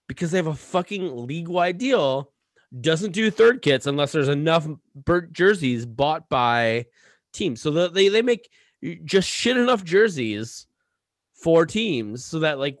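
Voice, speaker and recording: A man's voice: on the high side, no room sound, clean studio sound. A man co-hosting a podcast, rambling and cursing with many restarts as he rants. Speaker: podcast co-host. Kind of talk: casual podcast chat.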